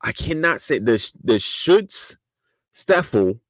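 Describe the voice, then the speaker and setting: Excitable man rambling about anime. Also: mid-range voice, takes it slowly, no room sound, clean studio sound. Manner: excited, rambling, swears freely, repeats words. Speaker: podcast host. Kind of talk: casual solo anime review.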